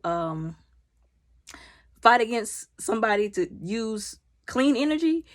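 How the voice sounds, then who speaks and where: A woman's voice: medium pitch, expressive, moderate pace. A woman chatting casually as she recaps a TV episode, acting out the characters' lines as she retells the scenes. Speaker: TV show reviewer.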